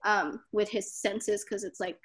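A woman's voice: medium pitch, steady tone, unhurried, fairly bright tone, breathy edge. A young woman telling stories as a podcast guest, chatty and giggly, full of "like". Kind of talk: casual storytelling.

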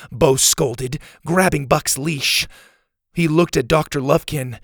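A man narrating a storybook with a dramatic, expressive reading. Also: a little high, slow, no echo, clean studio sound.

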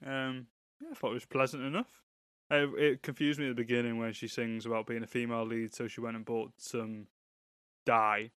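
A man's voice: mid-range voice, a bit bright, no room sound, studio quality. Rambling, jokey male co-host. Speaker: podcast co-host reviewing music. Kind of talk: casual chat.

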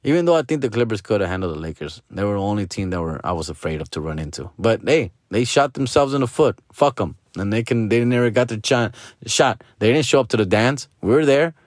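A man rants about sports to his viewers, swearing and peppering his talk with slang like dog and fool. His pitch swoops up and down in lively bursts. The sound is dry and close, with no room echo. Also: brisk. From Los Angeles. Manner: profane, slangy, keeps calling the listener dog and fool. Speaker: sports fan vlogger. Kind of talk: casual ranting monologue.

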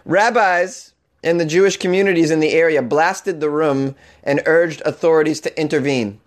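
A comedian with a Boston accent hosts a news show and riffs on stories in a sarcastic, mock-outraged way. His voice sits a little high, and he often laughs at his own jokes. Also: a little slow. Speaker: comedian podcast host.

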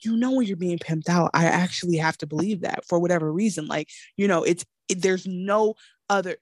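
A woman's voice: fairly low pitch, a little fast, no room sound, studio quality. A young adult woman with an African American English accent, co-hosting a casual show recap and acting out characters in exaggerated voices. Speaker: podcast co-host.

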